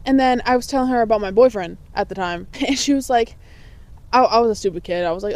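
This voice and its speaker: A woman's voice: medium pitch, fast talker, darkish tone. A young woman co-hosting a podcast, telling blunt, profane stories in casual chat and laughing through them. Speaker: podcast co-host.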